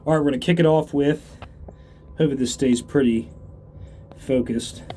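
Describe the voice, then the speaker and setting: A man vlogging as he climbs a tall outdoor tower, out of breath, chatty and excited, recorded on a handheld phone. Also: medium pitch, measured pace, a little hiss or hum. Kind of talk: casual narration while climbing. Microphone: handheld phone camera.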